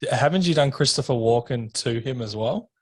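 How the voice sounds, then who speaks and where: A man's voice: medium pitch, fairly quick. A man hosting a podcast interview, laughing along and adding short encouraging remarks. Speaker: podcast host. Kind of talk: casual interview chat.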